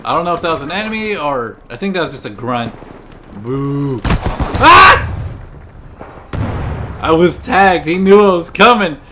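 An excitable man talks through his own shooter match, cursing freely and whooping at his kills. His voice sits high and leaps around a lot, though he takes his time between words. A steady hiss of game noise runs under everything he says. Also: unhurried, pauses often. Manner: excitable, swears often, laughs and shouts at big kills. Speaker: gamer commentating his own gameplay. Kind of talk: let's play commentary.

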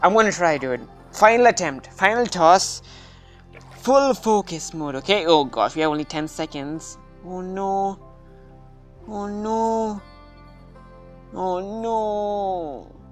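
A woman giving casual gameplay commentary, excitable and anxious, often calling out "dude". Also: medium pitch, takes it slowly, long pauses, soft background music. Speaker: gaming video host.

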